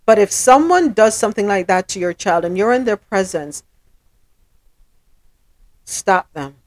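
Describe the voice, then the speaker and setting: A woman's voice: medium pitch, animated, measured pace. A woman hosting a casual talk show, venting her frustration, apologizing to her listeners and speaking emphatically. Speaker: podcast host.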